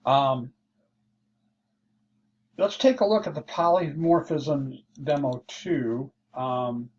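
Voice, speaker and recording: A man teaching a programming lesson, walking through code slowly and thinking aloud as he explains. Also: a little high, lively intonation, darkish tone. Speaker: programming instructor. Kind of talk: screen-share coding lesson. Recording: dull lo-fi mic with faint hiss.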